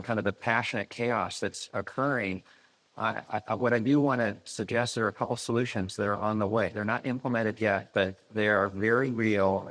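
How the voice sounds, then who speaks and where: A man speaking on a panel in a measured way, with frequent "you know" fillers. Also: on the low side, a bit bright, rough recording. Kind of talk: panel discussion.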